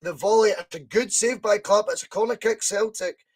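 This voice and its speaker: Scottish male podcast host, high voice, chatty fan commentary, excitable bursts, greets viewers by name. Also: normal speed, slightly rough. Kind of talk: excitable live football watch-along commentary. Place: at home.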